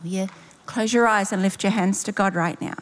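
A woman's voice: medium pitch, fairly even intonation, brisk. A woman preaching a sermon in a church, making emphatic, repeated declarations and leading a closing prayer. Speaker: pastor, guest preacher. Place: large church auditorium. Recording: long reverb of a big church hall.

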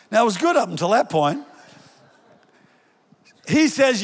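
A man's voice: high voice, sing-song, a little slow, pauses often, big-room sound. An older male pastor giving a sermon in a conversational way, joking with the congregation and telling stories. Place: church hall.

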